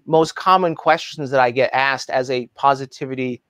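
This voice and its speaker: A man who works as a positivity coach and speaker, giving a measured, earnest motivational message that slows down for emphasis. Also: medium pitch, steady tone, a bit bright, clean tone, no room sound, studio quality.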